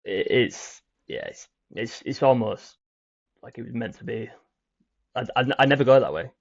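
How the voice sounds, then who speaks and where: Gravelly young British man, halting. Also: medium pitch, animated, no echo. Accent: British English. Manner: halting, repeats words, frequent fillers. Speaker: guest. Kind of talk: personal recovery story. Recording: dry, muffled audio.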